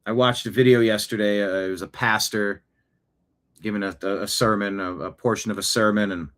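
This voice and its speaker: A male political show host with a bright, forceful voice that sits a little low in pitch. He talks in emphatic bursts, hammering phrases over and over as he drives his commentary home. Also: fairly even intonation, fairly quick. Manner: emphatic, repeats phrases, acts out quoted voices.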